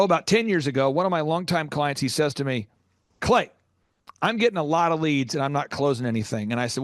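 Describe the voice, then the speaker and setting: This podcast host and business coach has a slightly high voice, recorded cleanly in a studio with no room sound. Interviewing a guest on his business show, he speaks with energy and emphasis, acting out the voices of people in his stories.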